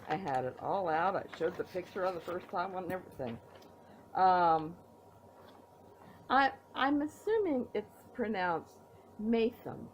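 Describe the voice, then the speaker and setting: A woman's voice: on the low side, lively intonation, measured pace, slight background noise, rough recording. Chatty middle-aged woman, knitting show-and-tell. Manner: chatty, rambling, with playful "ta-da" reveals. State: tired, yawning. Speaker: knitting podcast host. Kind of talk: casual show-and-tell chat. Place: at home. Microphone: tablet recording.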